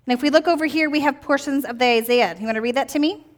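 High-voiced woman teaching a children's lesson. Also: quick pace. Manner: upbeat, quizzing children with questions.

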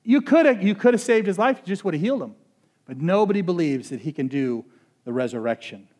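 A high-voiced man preaching a casual, conversational sermon. He swings from loud, pressing emphasis to hushed, intense asides and sprinkles in "like" as he talks. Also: big pitch swings, a little fast. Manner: conversational, uses "like" often. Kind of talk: expository sermon.

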